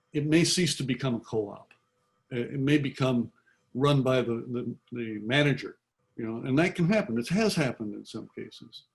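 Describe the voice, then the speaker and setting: An older man, an author, answering in an interview over a video call, earnest and halting, often repeating words. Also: mid-range voice.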